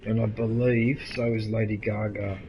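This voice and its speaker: A man with an Australian accent chatting casually and excitably while streaming a game, rambling and swearing now and then. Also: lowish voice, moderate pace, a little hiss or hum, rough recording. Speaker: gaming streamer.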